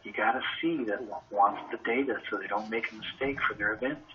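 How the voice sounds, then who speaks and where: Over a lo-fi conference call, a man with a lowish voice speaks a little fast while leading a sales training session. He's energetic and conversational, firing off plenty of rhetorical questions.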